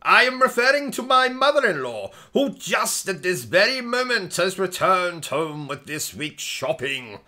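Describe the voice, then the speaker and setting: A man's voice: high-pitched, big pitch swings, unhurried, hardly any pauses, bright, forceful tone. A man hosting comic gameplay commentary, boastful, pompous and insulting. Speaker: gaming comedy host.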